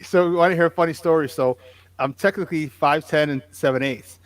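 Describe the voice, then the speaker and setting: A man's voice: a little high, a little fast. A man in his forties, a podcast co-host and former player and coach, chatting casually about sports. He tells stories with energy, acts out quotes and swears freely.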